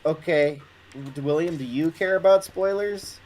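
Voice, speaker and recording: A man's voice: a little high, moderate pace, a little hiss or hum. A man hosting a gaming stream, chatting casually and laughing often, restarting his sentences. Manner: animated, laughing, many restarts. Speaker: stream host.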